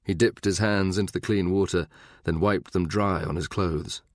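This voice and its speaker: A man narrating a thriller audiobook in an even, measured way. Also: low-pitched, no room sound, studio quality. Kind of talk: scripted narration.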